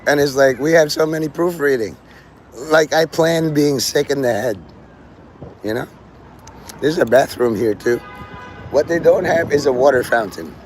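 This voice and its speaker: Faint music sits behind a rough outdoor phone recording of a livestreamer in a city plaza among tall buildings. His voice is on the high side, moderately paced with long pauses, and he loosely jokes, swears, and talks to birds and viewers amid the street ambience.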